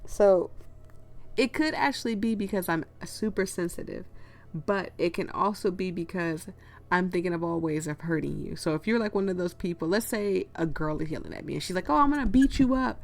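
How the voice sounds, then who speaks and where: A woman's voice: on the low side, moderate pace, vocal fry, a little mellow. A woman streaming a story game, chatting casually to her viewers, giggling and rambling and cutting herself off. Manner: giggly, rambling, self-interrupting. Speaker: game streamer reading a visual novel aloud. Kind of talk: casual chatty playthrough commentary.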